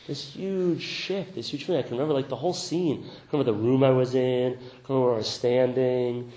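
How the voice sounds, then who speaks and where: A man teaching meditation to a group, speaking gently, laughing often, and growing lively when he tells a story. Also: medium pitch, fast talker, reverberant, rough recording. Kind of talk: dharma talk.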